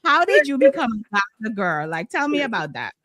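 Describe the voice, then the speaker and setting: Brief: chatty female interviewer, bright higher voice, dry sound. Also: big pitch swings, a little fast, no room sound. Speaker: interview host. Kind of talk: casual interview chat.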